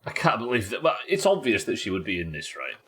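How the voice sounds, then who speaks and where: A man's voice: fairly low pitch, wildly swooping pitch, fast talker, fairly bright tone, husky. Rambling British-based streamer man. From United Kingdom. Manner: casual, rambling, swears, reacts aloud. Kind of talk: live gameplay commentary.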